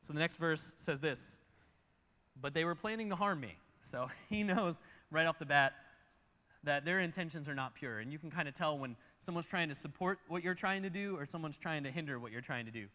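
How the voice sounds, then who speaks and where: A man preaching a sermon as pastor, telling the story fast and animatedly and acting out the characters. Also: on the high side, sharp tone, in a large hall. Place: church auditorium.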